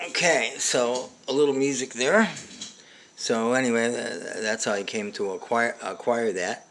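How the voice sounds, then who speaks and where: A middle-aged man hosting a comedy show, telling a rambling deadpan monologue full of fillers and restarts. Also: medium pitch, measured pace, a little hiss or hum.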